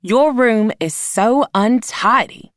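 A woman's voice: a little high, slow pace, no echo, studio quality, voice pushed up. A woman reading aloud, voicing a bossy older aunt who lectures firmly. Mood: scolding. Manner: lecturing, firm.

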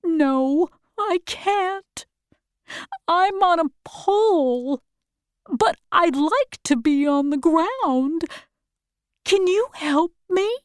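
A woman voicing a gentle, simple-minded male scarecrow in a storybook reading, speaking slowly and carefully. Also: very high voice, expressive, dry recording, studio quality, voice pushed up, heavily acted. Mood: plaintive.

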